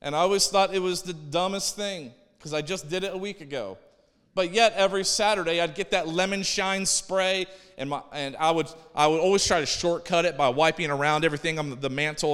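A male pastor gives a sermon in a church hall, talking conversationally and stumbling over restarts. His voice sits a little high and sounds smooth and resonant, with a long reverb trailing behind it. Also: fairly bright tone. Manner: conversational preaching with stammered restarts.

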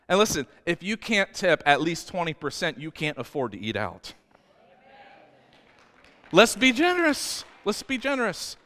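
A male pastor preaching a sermon, emphatic and swinging between loud and hushed, with humorous asides. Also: high-pitched. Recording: church hall reverb.

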